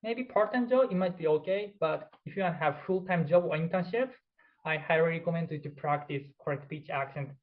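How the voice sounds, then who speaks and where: A man's voice: a little high, fairly quick, narrow, tinny audio. Man teaching in non-native English. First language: Japanese. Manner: non-native English, demonstrates pronunciation examples. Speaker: instructor. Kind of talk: presentation lecture.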